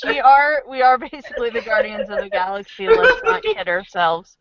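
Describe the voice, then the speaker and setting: A woman game master in casual, chatty talk about a tabletop game, excitable and full of fillers. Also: sits high, normal speed, lo-fi sound, a crowd in the background.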